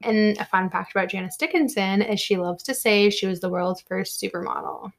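A woman's voice: mid-range voice, a little fast, creaky. A young adult woman co-hosting a podcast, retelling gossip in a chatty, storytelling way. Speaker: podcast co-host. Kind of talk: casual chat.

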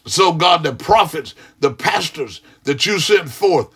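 A man's voice: on the high side, expressive, measured pace, a bit bright, breathy edge. A man praying aloud as a pastor, fervent and rhythmic, with frequent "hallelujah" interjections. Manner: repetitive, rhythmic preaching cadence. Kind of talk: extemporaneous prayer.

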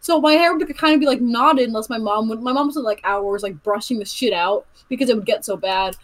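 A woman's voice: a little high, fairly quick. A young woman co-hosting a podcast in casual chat, chatty and blunt, swearing now and then. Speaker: podcast co-host.

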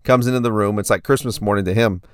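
A man's voice: on the low side, fairly even intonation, quick pace, smooth, dry recording, clean studio sound. Pumped-up male podcast host. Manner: hyped, repetitive storytelling. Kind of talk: casual podcast monologue.

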